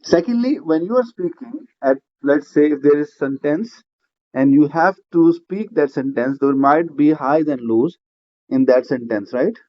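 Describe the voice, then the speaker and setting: A man's voice: fairly high pitch, a little slow. A man teaching a speaking-exam class, explaining step by step with "uh" fillers and frequent "right?" checks. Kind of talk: classroom lecture. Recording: slightly dull lo-fi recording.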